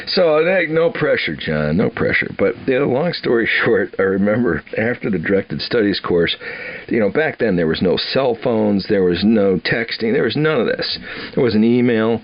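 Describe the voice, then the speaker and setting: A man's voice: fairly low pitch, lively intonation, moderate pace, highs cut off. An older man from Wisconsin telling his life story in a rambling, laughing way, with plenty of restarts. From Wisconsin, USA. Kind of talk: casual storytelling.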